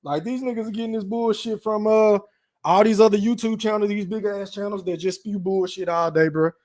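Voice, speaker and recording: Animated high-voiced man hosting a live stream. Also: brisk. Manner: animated, profane, reading chat shout-outs. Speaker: podcast host streaming live. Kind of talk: casual live-stream chat.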